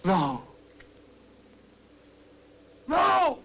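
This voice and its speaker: A frantic young man in an old dubbed film, his voice swinging wildly up and down. It is a bright, high voice that pleads hard and keeps breaking into anguished shouts. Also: animated, normal speed, dull audio. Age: young adult. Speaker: young man confronting a professor.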